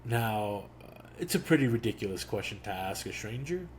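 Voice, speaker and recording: A young man hosting a podcast, telling a personal story slowly and reflectively, with pauses. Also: fairly low pitch, expressive, slight background noise. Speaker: podcast host. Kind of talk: storytelling monologue.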